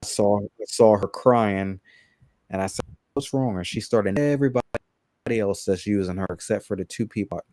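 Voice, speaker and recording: Low-voiced man in dry podcast chat. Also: normal speed, dark tone, no room sound. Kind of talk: casual chat.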